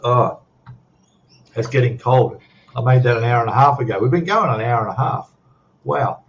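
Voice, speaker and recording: A man's voice: mid-range voice, normal speed, dull audio, a little hiss or hum. An older Australian man hosting a casual live stream chat, rambling and chuckling as he reads out viewer comments. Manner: rambling, chatty, laughs often, reads out chat.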